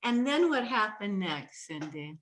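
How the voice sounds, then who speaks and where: A woman's voice: mid-range voice, very animated, a little slow, a bit bright. A woman hosting a faith talk show interview, earnest and emotional, sometimes laughing or tearful. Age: older. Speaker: host.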